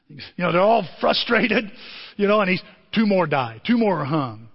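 Animated preacher man in an echoing hall. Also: high voice, moderate pace, slightly rough. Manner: animated storytelling, shouting out in excitement. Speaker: pastor. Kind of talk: sermon. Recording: dull lo-fi audio in a reverberant hall.

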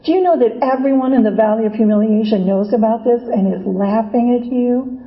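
A woman's voice: a little high, fairly quick, lo-fi sound, natural voice. A woman reading the lines of a mocking, scornful personification of pride in a taunting, scolding way.

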